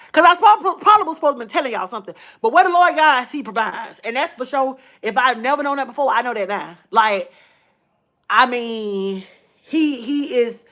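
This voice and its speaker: Woman vlogging, fairly high voice, talks to viewers like friends, emotional and chatty. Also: fairly bright tone. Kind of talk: casual personal storytelling to viewers.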